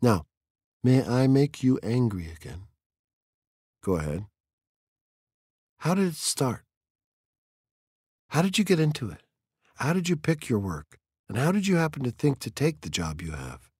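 A man's voice: mid-range voice, big pitch swings, measured pace, pauses often, a little mellow, husky, dry recording, studio quality, pitched above the performer's own voice. A man voicing a curious, dreamy seventeen-year-old girl in an audiobook reading, with a light, wondering, playfully probing manner.

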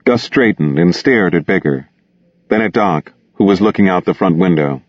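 A man reads an audiobook in a very deep, low voice with a lively, expressive rise and fall. It is a dry, dull, lo-fi recording with no room sound. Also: normal speed, dry recording. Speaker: audiobook narrator. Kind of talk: scripted narration.

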